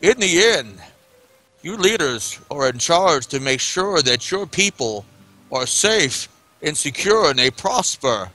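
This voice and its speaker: A man's voice: on the high side, very animated, slow, bright, forceful tone, faint music behind. A man playing a tabletop game, making a long earnest in-character speech. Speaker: player. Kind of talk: in-character tabletop role-play.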